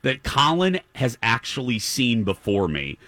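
A man hosting a podcast, talking about movies in an animated, exasperated way. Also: mid-range voice, a little slow, a crowd in the background. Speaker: podcast host. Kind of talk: casual chat about movies.

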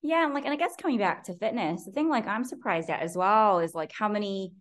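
American woman, academic guest; conversational, animated, does little voices for quotes. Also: medium pitch, brisk. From United States. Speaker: professor and guest. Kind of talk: conversational interview.

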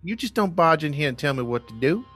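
A man's voice: fairly high pitch, expressive, fast, a bit bright, faint music behind, voice pushed up. A man doing a put-on Southern accent as a lazy, bossy police sergeant. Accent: put-on American Southern. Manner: bossy, drawling.

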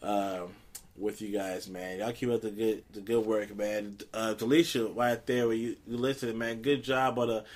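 A man hosting a podcast, chatting casually and telling a funny story, jumping high when he quotes people. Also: moderate pace. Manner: animated storyteller, jumps high when quoting. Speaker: podcast host.

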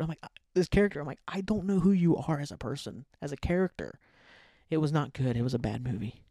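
A man hosts a casual solo podcast, ranting about bad movies in a profane, sarcastic, rambling way. His mid-range voice has a darkish tone, with no echo and clean studio sound.

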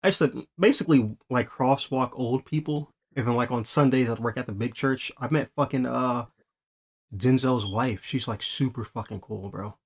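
A man's voice: mid-range voice, moderate pace, breathy edge. A man hosting a casual podcast interview, laid-back and loose, swearing a lot and saying "like" and "bro" often. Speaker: podcast host. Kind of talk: casual conversation.

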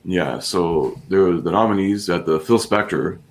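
Male podcast co-host, very deep and gravelly, lively inflection, relaxed, leads the segments. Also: normal speed, slight background noise. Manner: laid-back, laughs along, runs the segments. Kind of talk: casual podcast chat.

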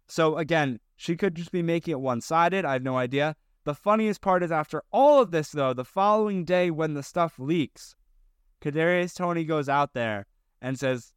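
A man co-hosting a podcast, talking loosely and circling back through fillers and restarts. His voice is smooth and resonant. It is recorded dry and close, with little room sound. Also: on the high side, moderate pace, no room sound. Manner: rambling, with many fillers and restarts. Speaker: podcast co-host. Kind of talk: casual chat.

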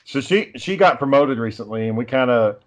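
A man's voice: medium pitch, lively intonation, fairly quick. A man telling rambling, profane stories in casual chat with friends.

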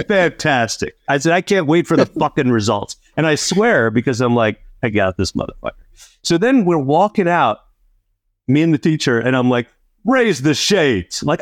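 A man's voice: fairly high pitch, gravelly, no room sound, studio quality. A man co-hosting a podcast, telling a story in casual chat, laughing often and acting out what people said. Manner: animated, laughing storyteller, acts out quotes. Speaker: podcast co-host.

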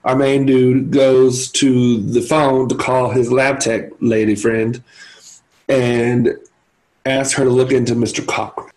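A man's voice: medium pitch, level tone, slow pace, darkish tone, low-quality recording. A man co-hosting a podcast, retelling a movie plot in casual chat with wry asides and laughter. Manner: chatty storyteller, wry, laughing. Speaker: podcast co-host.

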